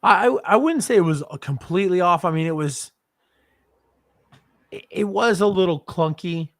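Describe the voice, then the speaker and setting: A man's voice: high-pitched, normal speed, no echo, studio quality. A man co-hosting a casual wrestling post-show chat, hesitant with many restarts, joking and profane. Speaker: co-host.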